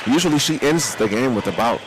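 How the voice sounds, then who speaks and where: A man calls a high school basketball game in a relaxed, rambling way, filling the gaps with "you know." His voice comes through clear crowd chatter and gym noise. He sits at a middle pitch. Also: brisk. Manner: easygoing, leans on "you know" fillers. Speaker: play-by-play commentator. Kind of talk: live basketball commentary. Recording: noisy gym with loud crowd.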